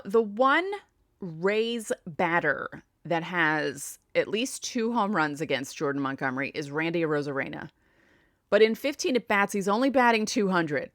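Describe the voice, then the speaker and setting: A woman's voice: on the low side, a bit bright, dry recording, clean studio sound. Chatty woman with a New York accent. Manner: chatty, thinks aloud while reading stats. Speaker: podcast host. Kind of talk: casual solo sports podcast.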